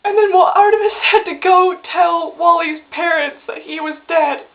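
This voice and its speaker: A woman's voice: extremely high pitch, normal speed, phone-quality sound. A woman giving an impassioned, exclamatory review of a cartoon's ending, her voice breaking when she gets upset. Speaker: vlogger reviewing a cartoon finale. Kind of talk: emotional ranting review.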